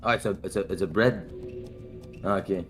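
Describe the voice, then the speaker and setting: Excitable man on a call. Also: sits low, moderate pace, faint music behind. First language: French. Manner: excitable, teasing, swears often. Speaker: guest streamer on a call. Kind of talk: casual stream chat.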